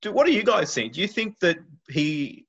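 A man's voice: sits high, sing-song, moderate pace, a bit bright, breathy edge. An Australian man co-hosting a podcast, talking emphatically and with strong opinions. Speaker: podcast co-host. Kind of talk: casual panel chat. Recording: muffled lo-fi audio.

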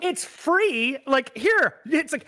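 A man's voice: extremely high pitch, big pitch swings, slow, sharp tone. A man hosting a podcast in casual chat, joking with exaggerated reactions.

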